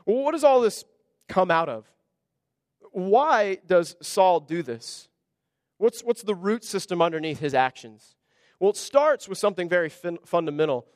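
A man preaching a sermon as pastor, earnest, with hushed asides and pressing emphasis. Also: sits high, very animated, moderate pace, no echo, studio quality.

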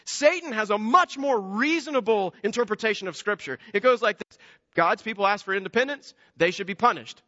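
A man preaching a sermon, animated, moving between loud emphasis and hushed storytelling. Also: sits high, fairly quick. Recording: dull lo-fi sound with long hall reverb.

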